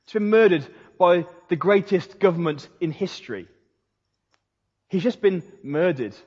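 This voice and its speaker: A man preaching a sermon and telling a story, lively, then dropping to a hushed voice to stress a point. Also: high voice, unhurried, breathy edge. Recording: dull sound with long hall reverb.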